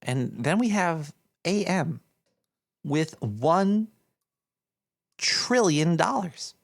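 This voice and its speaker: Here the paranoid cartoon rat radio host is voiced very slowly, in a full character voice that's a little high, gravelly, and very animated. The man reads donations aloud, rambling scatterbrained live-stream chat peppered with jokes.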